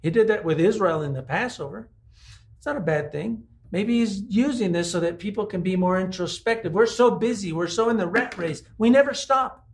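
A man's voice: high voice, normal speed. A man preaching a conversational sermon, asking his listeners many rhetorical questions. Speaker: pastor.

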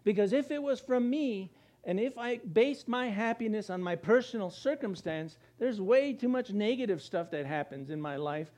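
A middle-aged man preaching a sermon in church, animated and laughing, now and then mimicking gloomy complainers. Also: sits high, normal speed. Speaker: pastor.

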